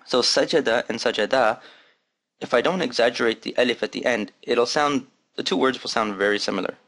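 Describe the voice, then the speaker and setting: A man's voice: mid-range voice, fast, vocal fry, fairly bright tone. A man teaching a lesson, patiently demonstrating and repeating sounds. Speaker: Arabic teacher. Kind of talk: recorded language lesson.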